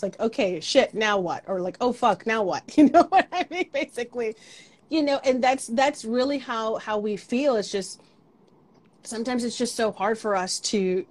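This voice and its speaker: A woman hosts a podcast in a loose, frank conversation. She swears freely, restarts her sentences and acts out her own inner doubts. Her voice sits at a middling pitch. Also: darkish tone. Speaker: podcast host.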